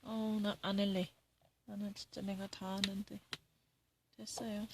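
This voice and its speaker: A woman's voice: mid-range voice, little pitch movement, racing, creaky, noisy background. A woman reading dictionary definitions aloud and arguing over them with herself, grumbling and indignant.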